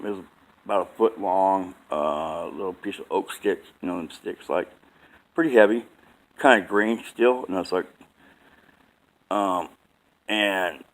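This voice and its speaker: Casting: adult man, lowish voice, casual home vlog, rambling and repetitive storyteller, fillers galore. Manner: rambling, repeats himself, says "man" often. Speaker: vlogger telling a story. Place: at home at bedtime.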